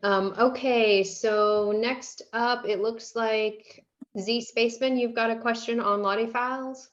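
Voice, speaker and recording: A woman's voice: a little high, steady tone, slow pace. Woman, moderator, video call, upbeat, organizing, muffled lo-fi audio. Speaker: session moderator.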